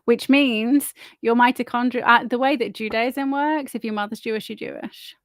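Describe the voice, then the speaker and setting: A woman's voice: fairly high pitch, steady tone, normal speed, no echo, studio quality. A woman hosting her own livestream, rambling in a blunt, opinionated way and swearing freely. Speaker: livestream host. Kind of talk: casual opinionated monologue.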